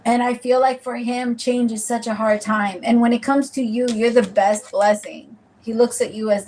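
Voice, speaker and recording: Chatty high-voiced woman reading tarot. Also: steady tone, moderate pace, hardly any pauses, a little mellow, a little hiss or hum, rough recording. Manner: chatty and rambling, swears freely; addresses the listener as "my love". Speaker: tarot reader. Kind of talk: casual tarot reading for viewers.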